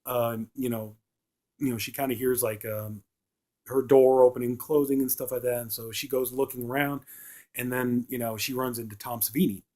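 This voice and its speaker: A man's voice: medium pitch, steady tone, normal speed, a little mellow. A man giving a casual spoken film review, rambling with lots of fillers and retelling scenes by quoting the characters. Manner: rambling, full of fillers like "you know" and "and stuff".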